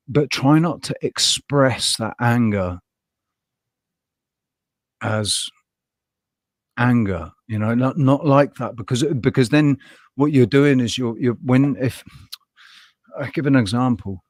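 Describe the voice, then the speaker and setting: A man's voice: mid-range voice, slow, long pauses, no room sound. Man with a dry close voice. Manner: rambling and passionate, voice rises when heated. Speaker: live show host. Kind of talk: casual livestream chat.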